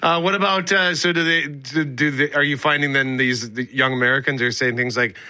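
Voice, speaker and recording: Bright-voiced male radio host. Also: mid-range voice, fairly quick, dry recording. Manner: relaxed, reads survey results aloud. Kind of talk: casual radio chat.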